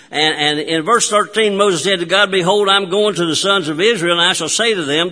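A man preaching a sermon in a church, emphatic, with long pauses and restarts. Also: sits high, pushed and bright. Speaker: pastor. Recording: long church hall reverb.

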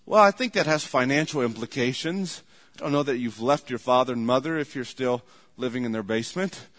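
A man's voice: medium pitch, fairly quick. A man preaching a sermon on marriage in a conversational, storytelling way. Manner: conversational, animated storytelling with acted quotes. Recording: large hall with long reverb.

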